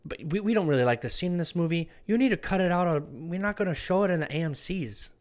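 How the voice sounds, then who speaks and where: Guy doing a bossy foreign studio owner voice, halting, kinda high. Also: animated, darkish tone, lightly acted. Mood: demanding. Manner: halting, mock-foreign delivery. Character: stern male foreign studio owner demanding cuts.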